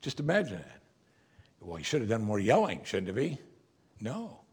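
A man's voice: fairly low pitch, wildly swooping pitch, moderate pace, slightly rough. A man preaching an earnest sermon, raising and dropping his voice for emphasis. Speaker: pastor.

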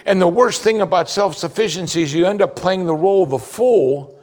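A man preaching a sermon, emphatic and animated, asking rhetorical questions. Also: sits high, brisk. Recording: long hall reverb.

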